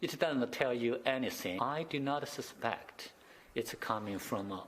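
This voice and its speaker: A man interviewed in a news clip, speaking in flat, measured statements. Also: mid-range voice. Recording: played news clip, faint noise.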